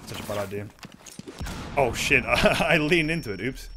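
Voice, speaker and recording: A young man giving live, excitable commentary while playing a shooter game, swearing and laughing often. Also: medium pitch, normal speed, noisy background. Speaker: streamer.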